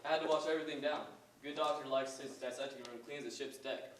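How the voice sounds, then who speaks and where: A man's voice: mid-range voice, steady tone, fast, slight background noise, lightly acted. A man playing a humble working orderly. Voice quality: rough plain talk with folksy grammar. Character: humble male hospital orderly, working class. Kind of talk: school stage play. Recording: echoey stage recorded from far off.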